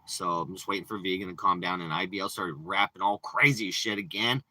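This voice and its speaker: A man's voice: deep voice, a little fast, pushed and bright, no room sound, rough recording. A man ranting and boasting in casual, profane, rambling livestream chat from inside a parked RV, talking into a phone. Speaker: live streamer.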